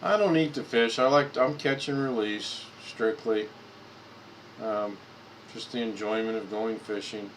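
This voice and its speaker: A man's voice: on the low side, unhurried, slight background noise, low-quality recording. A man hosting a casual live stream, rambling and repeating words as he clicks through photos at his computer.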